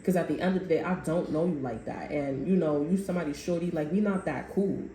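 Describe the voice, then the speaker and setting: A woman reads tarot cards in a loose, rambling way, full of slang and acted-out quotes. Her voice sits low and mellow. The room around her is echoey, with a faint hiss behind. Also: quick pace. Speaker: tarot reader. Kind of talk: casual spoken tarot reading.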